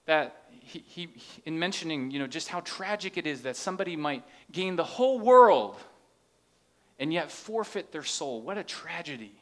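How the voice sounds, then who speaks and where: A man's voice: a little high, animated, moderate pace, fairly bright tone. A man preaching a sermon, earnest and rising into impassioned questions as he reads scripture. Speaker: pastor.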